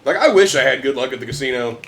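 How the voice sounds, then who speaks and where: A man telling profane, animated stories in casual bar chat. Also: medium pitch, very fast.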